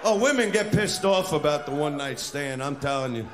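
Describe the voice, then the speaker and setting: A man doing a crude stand-up routine in a brash manner, shouting his punchlines. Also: fairly high pitch, animated, a little fast. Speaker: stand-up comedian. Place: comedy club stage. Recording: live club recording with crowd noise. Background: audience laughter and noise.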